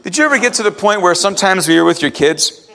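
A man's voice: high-pitched, animated, fast talker, vocal fry, pushed and bright. A man preaching a sermon, reading scripture aloud and restarting his sentences as he explains it. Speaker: pastor.

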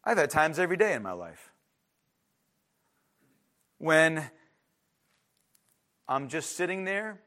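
High, lively male preacher. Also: slow, pauses often. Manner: emphatic and conversational, with frequent restarts and asides. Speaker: pastor. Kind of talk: sermon.

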